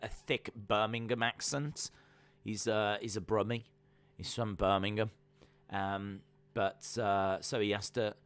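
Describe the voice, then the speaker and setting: A male live streamer who talks in a loose, rambling way, often pausing on "uh" and "um" and reading out viewer comments. His voice is fairly low but bright and forceful. The sound is close and dry, with almost no room around it. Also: dry recording. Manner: casual and rambling, many fillers, reads viewer comments aloud. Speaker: wrestling stream host. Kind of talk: live reaction stream chat.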